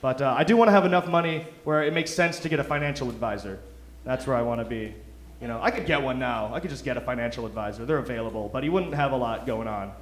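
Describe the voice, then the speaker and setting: A man's voice: mid-range voice, quick pace, a little hiss or hum. A young man from Detroit doing a loose, self-mocking stand-up set, chuckling through his lines. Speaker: stand-up comic. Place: comedy club stage. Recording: roomy club sound.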